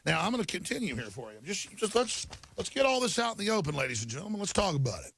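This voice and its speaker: A man's voice: high voice, very animated, quick pace, vocal fry, a bit bright, husky, no room sound. A man hosting a talk show, ranting emphatically through news headlines and stumbling over repeated words. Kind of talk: talk radio monologue reading headlines.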